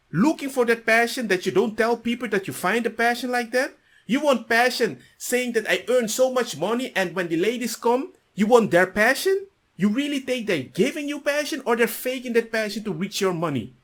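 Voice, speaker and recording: A man giving casual reaction commentary on his channel, animated and rambling, breaking into loud laughter. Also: extremely high pitch.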